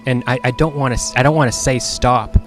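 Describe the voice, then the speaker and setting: A man's voice: mid-range voice, steady tone, a little fast, faint music behind. Frank, swearing young man telling a story. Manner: frank, exasperated, swears freely. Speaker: streamer. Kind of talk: casual storytelling monologue.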